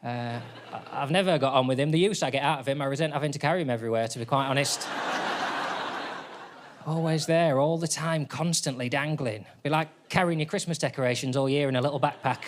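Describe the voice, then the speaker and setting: A man's voice: mid-range voice, quick pace, very noisy. A man, doing a dry, self-deprecating stand-up routine on stage. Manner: deadpan, self-deprecating, wry. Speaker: stand-up comedian. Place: theatre stage with audience laughter.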